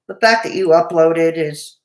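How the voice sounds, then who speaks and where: A woman's voice: low voice, a little slow. Woman host, casual reaction chat, blunt, dismissive, echoey room. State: has the hiccups. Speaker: commentary channel host.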